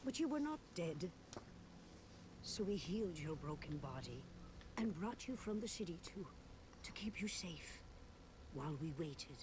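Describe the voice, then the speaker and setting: A woman voicing a calm, cryptic blind oracle who leads beggars, speaking slowly and solemnly in a video game cutscene. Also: on the low side. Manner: slow, solemn, riddling. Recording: game audio with background noise.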